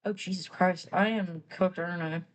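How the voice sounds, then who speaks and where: A woman's voice: on the low side, fairly even intonation, normal speed, lightly acted. A woman voicing a panicking, cowardly male fighter, quoted offhandedly. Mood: scared. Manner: casual offhand quoting.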